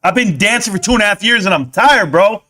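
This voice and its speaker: Male streamer, high bright voice, brash mocking rant to live chat. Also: expressive, quick pace. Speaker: stock market live streamer.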